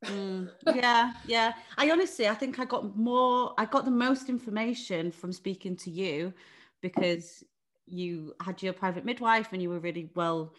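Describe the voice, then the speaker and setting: A woman's voice: mid-range voice, moderate pace, fairly bright tone. A woman in a candid casual chat, telling a story animatedly, acting out the people she quotes and swearing freely. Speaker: guest sharing birth story.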